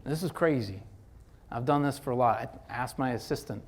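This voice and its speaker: Slangy, animated male guest lecturer. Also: medium pitch, moderate pace. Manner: animated and slangy, peppered with "like" and "dude". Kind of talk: casual motivational lecture.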